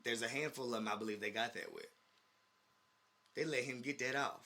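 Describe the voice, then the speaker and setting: A man co-hosting a casual podcast, telling stories with animated quoted voices. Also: mid-range voice, fairly quick. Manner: animated storytelling, acts out quotes. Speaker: podcast co-host. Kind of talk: casual chat.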